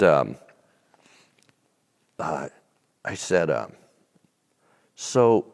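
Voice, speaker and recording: A man telling a faith testimony as an interview guest, animated and then dropping soft and low at tender moments. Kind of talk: storytelling testimony. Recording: long reverb.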